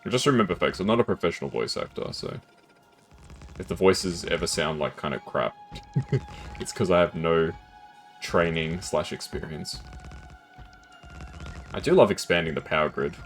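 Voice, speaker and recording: A man's voice: low-pitched, moderate pace, soft background music. A man casually commentating his gameplay on a live stream, chatty and self-deprecating, laughing often.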